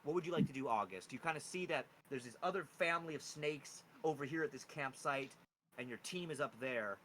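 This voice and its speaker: A man running a tabletop game as game master, animated and quick to laugh. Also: mid-range voice, slight background noise, low-quality recording.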